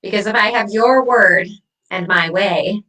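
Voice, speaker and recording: A woman acting as a vengeful ghost who haunts her ex, taunting them with sharp, mocking wordplay in a comedy sketch. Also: medium pitch, a little slow, recorded from a distance, poor audio.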